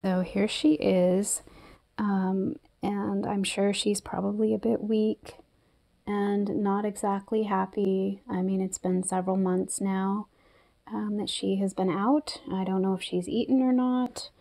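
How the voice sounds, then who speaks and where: A woman vlogging about her pet tarantula, talking softly and breathlessly with lots of fillers. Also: medium pitch, level tone, measured pace, gravelly. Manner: breathless and emotional, soft-spoken with frequent fillers. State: out of breath from excitement. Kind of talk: excited casual vlog narration.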